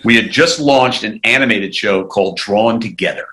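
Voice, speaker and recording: Bright-voiced man telling showbiz anecdotes. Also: fairly low pitch, low-quality recording. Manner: animated storyteller, quick to act out quotes. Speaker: podcast co-host. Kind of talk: casual chat, telling anecdotes.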